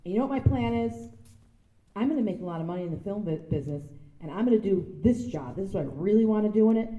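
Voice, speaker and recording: A woman telling lively anecdotes as a guest speaker, acting out other people's voices. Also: mid-range voice, fast, muffled recording. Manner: animated storytelling, acting out voices with laughter. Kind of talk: anecdotal speech to an audience. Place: large sound stage before an audience. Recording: echoey room.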